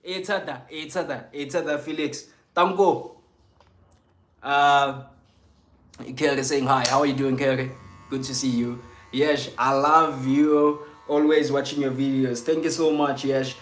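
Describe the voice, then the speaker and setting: A man's voice: mid-range voice, steady tone, a little slow, a bit bright, reverberant. A young man from South Africa hosting a casual livestream, chatty and teasing as he greets viewers by name. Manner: reads viewer comments aloud, chatty and teasing. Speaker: livestream host.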